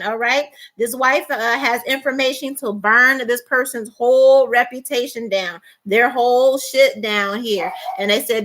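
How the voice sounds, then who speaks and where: A woman's voice: high voice, normal speed, few pauses, a bit bright. A woman giving a tarot reading, emphatic and repeating "okay?" and "all right?", acting out the people she quotes. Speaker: tarot reader.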